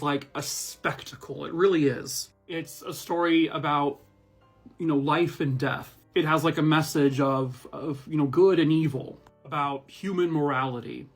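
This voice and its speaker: Excitable, foul-mouthed man reviewing shows. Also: on the high side, breathy edge. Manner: enthusiastic, profane and rambling. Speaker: online reviewer. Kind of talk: casual review chat.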